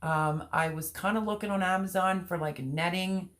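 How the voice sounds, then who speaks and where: A woman's voice: on the low side, normal speed, fairly bright tone. A woman hosting a gardening live stream. She chats casually and rambles, showing seed packets and answering viewer comments as she goes. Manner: reads viewer comments aloud and answers them. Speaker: gardening channel host.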